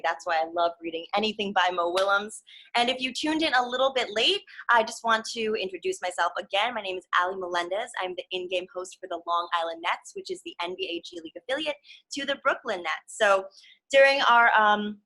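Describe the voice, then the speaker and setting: A young adult woman hosting a children's story reading, animated and speaking directly to the kids. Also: medium pitch, a little fast, rough recording. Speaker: sports arena host reading to children.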